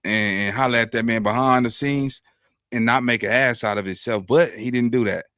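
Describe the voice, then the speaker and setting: A man's voice: normal speed, bright, forceful tone, dry recording, clean studio sound. A man hosting a casual reaction commentary, talking in loose street slang with constant "you know what I'm saying" and a preachy, rambling delivery. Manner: preachy, drifting from high to low pitch. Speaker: commentary host.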